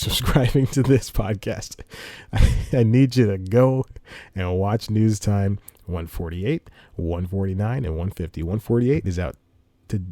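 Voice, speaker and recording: Using a studio microphone and headphones, a man hosts a podcast in a loose, casual monologue punctuated by laughter. His voice is lowish and mellow, with no room sound.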